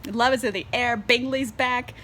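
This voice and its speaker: A young book vlogger, tipsy on wine, reviews a book in a casual vlog, her fairly high, steady voice sounding pushed and bright at a moderate pace. She's bubbly, laughs a lot, swears freely, and leans heavily on "like."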